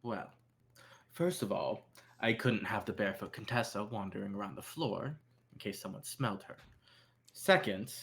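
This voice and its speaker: A man's voice: fairly low pitch, moderate pace, a bit bright. Figure: a man voicing a teasing nightclub owner woman. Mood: frank. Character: bold woman who owns a nightclub. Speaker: game master. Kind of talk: voicing a character in a tabletop game.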